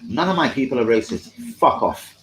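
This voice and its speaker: A man's voice: mid-range voice, big pitch swings, fairly quick, fairly bright tone, a little hiss or hum, poor audio. Profane man ranting on a live stream. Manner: profane, combative, mocking, talks straight to chat. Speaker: fan channel host. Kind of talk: live-stream football rant.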